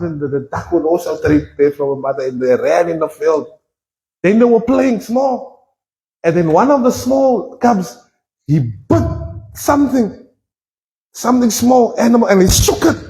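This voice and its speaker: High-pitched South African man, pastor, playful sermon, lively voice, echoey church. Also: vocal fry. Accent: South African, switching with Afrikaans. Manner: playful, joking, acts out voices with laughter.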